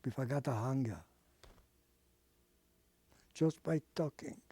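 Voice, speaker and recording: Older man, unhurried testimony, mellow tone, halting non-native English, searches for words. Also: mid-range voice, slightly rough. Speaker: Holocaust survivor giving testimony. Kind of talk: oral history testimony.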